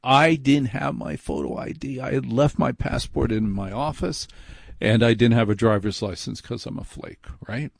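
A man's voice: mid-range voice, animated, moderate pace, creaky, dry recording. A man hosting a late-night radio show, telling a story in a chatty, self-deprecating, rambling way from a studio mic.

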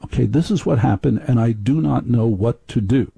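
A man's voice: medium pitch, moderate pace, creaky, mellow, breathy edge, no echo. A middle-aged man hosting a live radio talk show, chatty and confiding, rambling on with listeners.

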